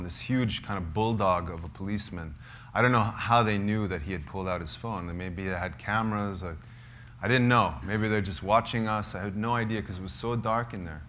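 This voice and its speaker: A man, a filmmaker, telling a true story to a small live group, halting and searching for words with many fillers. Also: lowish voice, fairly bright tone, slight background noise. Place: cozy lodge hall gathering.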